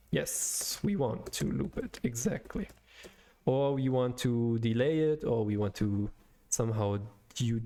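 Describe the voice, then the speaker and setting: A man, a young adult, talks slowly and unhurriedly as he codes live for viewers, explaining each step while he works it out. He searches for words and corrects himself often, in a hesitant, thinking-aloud manner. His pitch sits in the ordinary middle range for a man. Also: darkish tone. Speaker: live-coding streamer.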